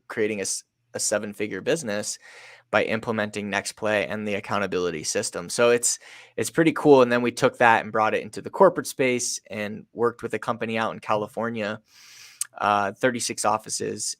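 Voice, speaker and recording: Energetic man telling a story, dry sound. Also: lowish voice, dry recording. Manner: energetic, emphatic, acts out a coach's pep talk. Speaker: podcast guest, sales coach. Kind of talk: storytelling in an interview.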